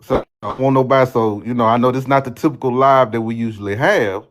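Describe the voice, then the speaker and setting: Young male streamer, mid-pitched, casual, bossy moderator. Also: fast. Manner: relaxed and rambling alone, loud and commanding when moderating. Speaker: live-stream host. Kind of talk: casual live-stream talk.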